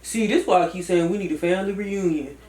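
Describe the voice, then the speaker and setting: Woman voicing a deep-voiced, crude older cousin with an Atlanta accent for a cartoon, in an echoey room. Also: fast, warm tone, lightly acted. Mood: teasing. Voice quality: deeper voice. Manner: brash, crude, teasing. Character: blunt older female cousin giving advice.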